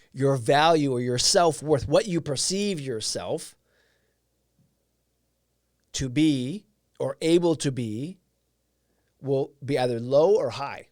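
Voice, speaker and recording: A man's voice: medium pitch, expressive, slow pace, pauses often, a little mellow, dry recording, studio quality. Earnest man giving a motivational talk. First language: Portuguese. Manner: earnest, reflective, answering viewers' comments. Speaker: live-stream host.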